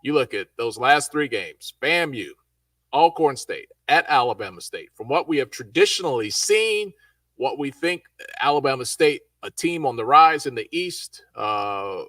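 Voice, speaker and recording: Lively sports talk show host, man. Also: a little high, no echo, recorded from a distance. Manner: lively, folksy, hypes teams.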